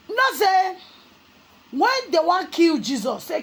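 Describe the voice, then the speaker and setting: A Nigerian woman vlogger giving impassioned political commentary, scolding her targets and often breaking into shouts. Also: very high voice, very animated, unhurried, gravelly, pauses often, slight background noise, low-quality recording.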